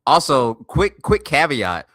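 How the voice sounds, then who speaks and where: A man streaming and reacting to a video, talking loudly in profane slang and swinging between hype and mumbles. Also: medium pitch, big pitch swings, takes it slowly, no echo, clean studio sound. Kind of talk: casual reaction stream chat.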